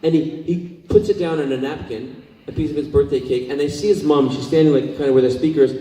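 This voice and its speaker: A man from Scotland shares rambling, heartfelt convention stories, his voice dark and mellow. He is picked up from a distance in a big reverberant hall. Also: fairly high pitch, fairly even intonation, fast. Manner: rambling, emotional, many fillers. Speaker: convention guest actor. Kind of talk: convention panel storytelling. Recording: echoey hall, distant mic.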